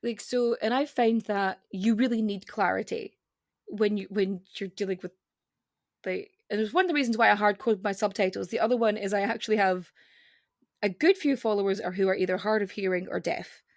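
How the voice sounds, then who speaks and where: A woman chatting as a podcast guest, explaining at length in loose, rambling runs full of restarts. Her mid-pitched voice has a strong vocal fry, and the recording is close and dry. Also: brisk, no room sound. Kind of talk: casual podcast conversation.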